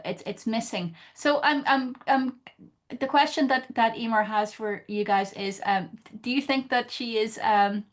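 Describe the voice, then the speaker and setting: Irish woman chairing a panel. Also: mid-range voice. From Ireland. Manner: chatty, laughing, with many restarts. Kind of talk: moderating a panel discussion.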